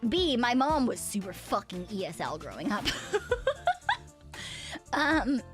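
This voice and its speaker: A woman's voice: mid-range voice, very animated, measured pace, faint music behind. A woman from eastern Canada streaming and chatting casually with viewers. She laughs easily and swears freely. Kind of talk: casual livestream chat.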